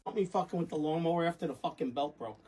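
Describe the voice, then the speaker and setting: A man's voice: on the high side, fast talker, warm tone, husky. A man doing a grumpy, swearing suspicious dad. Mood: irritated. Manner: foul-mouthed, accusing, constant swearing. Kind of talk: comedy sketch.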